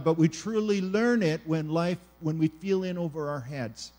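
A middle-aged male pastor, from Canada, giving a sermon in an animated way, swinging from loud emphasis to hushed quiet. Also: on the high side, normal speed, hardly any pauses, soft background music.

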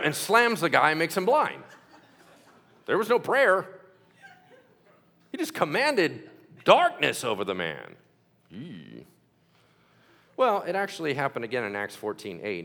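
Lively preacher man with sound effects. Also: on the high side, a little slow, vocal fry, long pauses. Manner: animated storytelling with sound effects and acted-out quotes. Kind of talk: sermon.

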